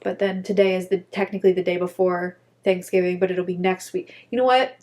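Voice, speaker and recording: A woman's voice: fairly low pitch, steady tone, brisk, darkish tone. A woman co-hosting a casual chat podcast, rambling and losing her words as she laughs at herself. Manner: rambling, self-conscious, loses her words. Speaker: podcast co-host.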